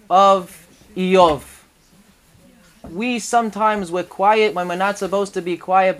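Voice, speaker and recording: Man preaching, high voice, rhetorical questions, emphatic storytelling. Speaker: rabbi giving a talk. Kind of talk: sermon.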